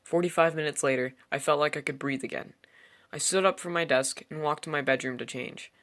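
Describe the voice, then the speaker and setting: A man with a voice on the high side, brisk and a bit bright, narrates a scripted first-person horror story aloud, his delivery tense.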